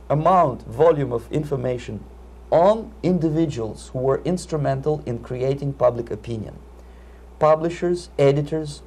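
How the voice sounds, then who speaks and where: A man with a Russian accent answering interview questions in a measured, emphatic way, often repeating words. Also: mid-range voice, vocal fry, mellow, slightly rough. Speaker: interviewee, Soviet defector. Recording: 1980s video interview.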